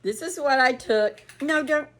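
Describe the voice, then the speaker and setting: This older woman chats straight to her viewers in a loose, rambling way, breaking into giggles between sentences. Her voice sits a little high for a woman, and her telling is homely and unhurried. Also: fairly bright tone. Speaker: vlog host. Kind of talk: casual chat to viewers.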